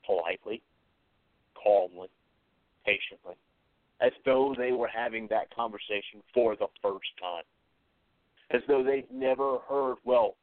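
In an unhurried solo monologue with long pauses, a man hosting an atheist commentary show speaks at medium pitch, earnest and reflective, often hesitating and repeating brief phrases. The recording is dry and thin, like a phone.

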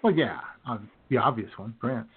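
Gravelly male co-host, tinny sound. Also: medium pitch, expressive, moderate pace. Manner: easygoing, chuckling. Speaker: radio comedy co-host. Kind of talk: casual comedy banter. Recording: tinny phone-like lo-fi recording with faint noise.

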